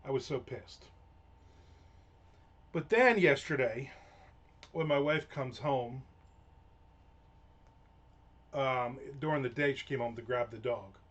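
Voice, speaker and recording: A man's voice: medium pitch, a little slow, long pauses, a bit bright, lo-fi sound. A man on a live stream, telling an aggravated, profane story in a casual rant. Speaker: livestream host. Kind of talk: casual ranting monologue.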